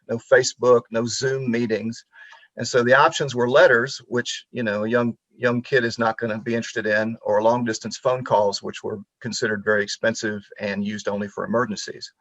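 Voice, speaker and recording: A man in his fifties from Pensacola, Florida, tells history stories in an earnest, reflective way and often restarts his sentences. His voice sits at an ordinary pitch for a man. It comes over a computer mic on a video call, dry and a little dull and lo-fi. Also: flat delivery, moderate pace, fairly bright tone, no room sound. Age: 50s. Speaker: guest speaker on local history.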